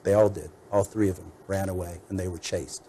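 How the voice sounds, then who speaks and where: Low, dark-voiced defense attorney arguing. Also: male voice, steady tone, slight background noise, rough recording. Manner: measured, methodical, lists points. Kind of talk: courtroom mitigation argument. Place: courtroom.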